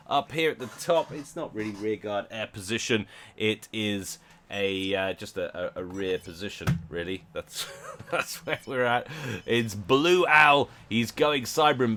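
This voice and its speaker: A man's voice: medium pitch, a bit bright, a little hiss or hum. A man giving casual, jokey commentary on a strategy game match, chatty and often correcting himself. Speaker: game caster.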